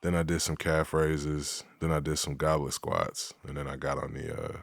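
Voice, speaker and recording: Very deep-voiced, candid man. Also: sing-song, vocal fry, no echo. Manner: measured, candid, dry humor. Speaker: podcast guest. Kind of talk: casual interview chat.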